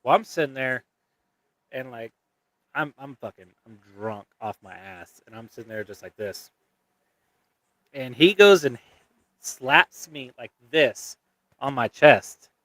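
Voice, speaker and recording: A man on a podcast, mid-pitched, spinning a long, rambling story full of swearing and laughter. He sounds close and dry, with no room behind him. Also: expressive, unhurried, long pauses, a bit bright, dry recording. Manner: rambling, profane, laughs through his story. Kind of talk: casual storytelling chat.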